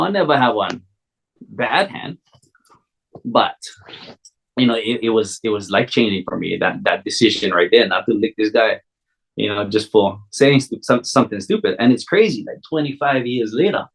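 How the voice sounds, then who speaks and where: A man's voice: lowish voice, low-quality recording. A man in his forties with a Hawaiian accent, telling a personal story in casual, rambling talk full of "you know" fillers.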